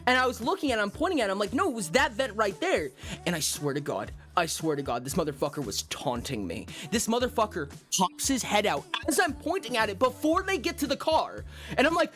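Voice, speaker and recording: Male streamer, lively swooping voice, swears a lot, faint music behind. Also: very high-pitched, a little fast. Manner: animated, profane, exclamatory storytelling. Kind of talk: casual storytelling while streaming.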